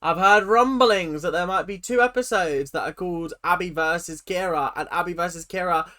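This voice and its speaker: A woman's voice: on the low side, normal speed, fairly bright tone. A woman hosting a reaction video, giving sarcastic, giggly, mock-outraged commentary.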